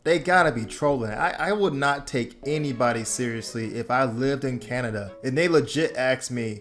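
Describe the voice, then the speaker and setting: A man's voice: mid-range voice, moderate pace, few pauses, a bit bright, faint music behind. A man hosting a reaction video, giving casual commentary in a blunt, laid-back way and swearing freely.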